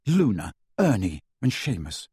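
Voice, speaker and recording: Expressive male audiobook narrator, husky voice, dry close recording; lively storytelling delivery. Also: lowish voice, unhurried, no room sound. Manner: dramatic, varied pacing.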